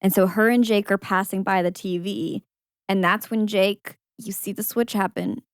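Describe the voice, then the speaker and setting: Chatty young woman co-host, mid-pitched, recapping scenes; dry, close recording. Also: lively intonation, moderate pace, smooth, dry recording. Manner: chatty, plays out scenes with quoted lines. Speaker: podcast co-host. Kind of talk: casual movie recap chat.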